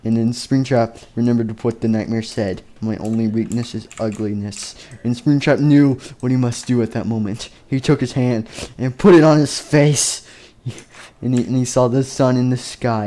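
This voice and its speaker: A man improvising a playful story over game footage, rambling along with frequent ums and restarts. His voice is mellow and relaxed, sitting in a middling pitch. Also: moderate pace. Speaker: video narrator.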